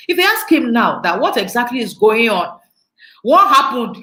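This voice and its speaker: A Nigerian woman giving a storytelling talk on emotional intelligence, animated and laughing often. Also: a little high, reverberant, poor audio.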